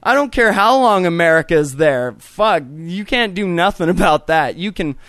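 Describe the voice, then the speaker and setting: A man's voice: sits high, lively intonation, normal speed, a bit bright, no room sound. A man co-hosting a casual podcast, ranting with heavy swearing and jokes. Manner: profane, joking rant. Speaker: podcast co-host.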